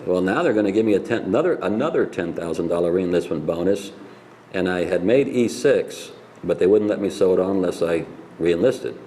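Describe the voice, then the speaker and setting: A man's voice: sits low, lively intonation, a little fast, warm tone, slight background noise. An older man, a Navy veteran, telling rambling stories in a casual interview and laughing at his own pranks.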